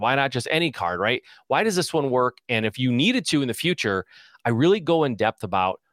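A man's voice: mid-range voice, a bit bright, no room sound, studio quality. A man hosting a live podcast Q and A, talking casually with many fillers and some self-mocking jokes. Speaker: podcast host.

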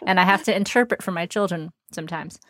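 Fast and fairly low-pitched, with a slightly bright tone, a Texan woman with a gentle accent chats brightly as a podcast host in a casual interview, restarting often and using many fillers. The sound is studio quality, free of echo.

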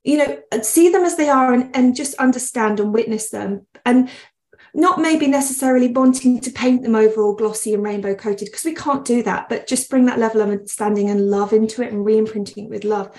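A woman's voice: a little high, brisk, darkish tone. Earnest rambling woman. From West Midlands, England. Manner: earnest, rambling with frequent laughs. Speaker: podcast guest. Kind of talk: conversational podcast interview.

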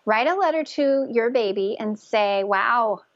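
A woman guest speaking gently and earnestly about spiritual connection, with frequent restarts. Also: on the high side, animated, a little slow, highs cut off. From Northern California. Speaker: guest, conception coach. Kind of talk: casual interview talk.

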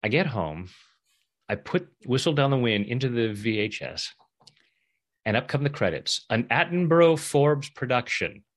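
A middle-aged man telling a personal story in a casual interview, lively when he acts out what others said and laughing often. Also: medium pitch, normal speed, long pauses. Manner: animated when acting out quoted voices, laughs often. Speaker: interview guest, EFT practitioner.

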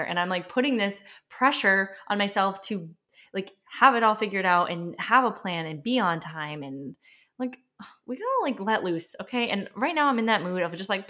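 A woman's voice: medium pitch, animated, moderate pace, fairly bright tone. A woman in her thirties hosting a solo podcast, talking casually and emotionally with many fillers and frequent laughs. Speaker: podcast host.

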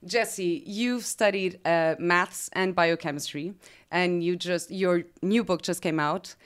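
A woman's voice: on the low side, a little slow, clean tone. A woman from Portugal with a Portuguese accent, hosting an interview podcast in English with frequent hesitations and fillers. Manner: hesitant, many fillers, laughs easily. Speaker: podcast host.

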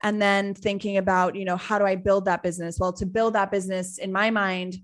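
A woman in her thirties from Trinidad, speaking in a thoughtful interview with many pauses as she searches for words. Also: medium pitch, flat delivery. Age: 30s. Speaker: guest, business owner. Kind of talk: reflective interview answer.

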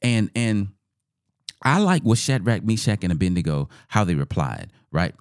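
Low-voiced, animated man giving a chatty, informal sermon. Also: moderate pace, dry recording, studio quality. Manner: conversational, repeats words, asks "right?" often. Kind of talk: casual devotional sermon.

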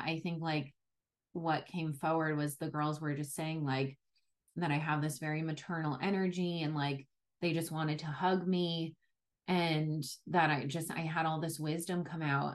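A woman's voice: deep voice, fairly even intonation, normal speed. Chatty young woman telling a story. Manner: chatty, frequent "like" fillers. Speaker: podcast host. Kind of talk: casual personal storytelling.

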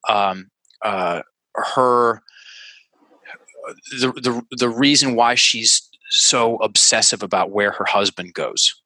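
Brief: man, interview guest and coach, animated delivery with lots of repeated words, bright, forceful tone, dry close sound. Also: lowish voice, takes it slowly, dry recording, poor audio. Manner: animated, repeats words while working through examples. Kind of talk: conversational interview, teaching by example.

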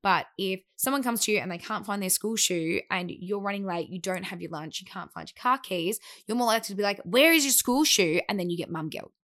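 A woman in her thirties, a fat-loss coach and podcast host, talking through a casual monologue in a chatty, animated way that acts out quoted remarks. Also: medium pitch, fast talker, hardly any pauses.

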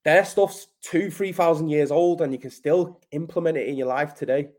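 Sweary higher-pitched man. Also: fairly even intonation, normal speed, a little mellow. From Manchester, England. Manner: blunt and sweary, keeps calling the host mate. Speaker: podcast guest. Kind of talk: casual storytelling.

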